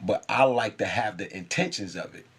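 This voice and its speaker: A man's voice: on the low side, normal speed, a bit bright, breathy edge. A man speaking in an intense, profane, rambling spiritual monologue, laughing often.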